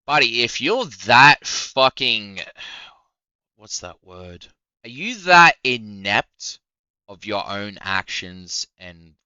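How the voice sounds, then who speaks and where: A man's voice: fairly low pitch, sharp tone, clear, resonant tone, no echo, dull audio. A young man reacting to a video in casual commentary, swearing often and breaking into indignant outbursts. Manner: profane, heated, indignant outbursts.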